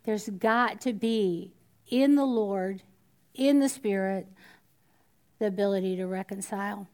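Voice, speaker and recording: A woman's voice: mid-range voice, unhurried, a little mellow. Woman teaching a Bible study, sometimes whispering. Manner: conversational, drops to a whisper at times, asks the room questions.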